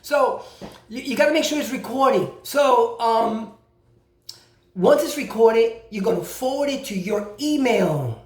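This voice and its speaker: A man giving a casual how-to talk as a credit repair advisor, animated and repeating key points, acting out both sides of phone calls. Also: extremely high pitch, measured pace. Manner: repeats himself for emphasis. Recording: roomy echo.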